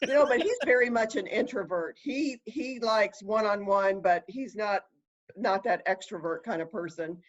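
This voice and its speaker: A middle-aged woman, a guest chatting quickly and telling stories about home. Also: medium pitch. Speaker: guest, the host's mother. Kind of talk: casual chat. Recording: dull lo-fi line.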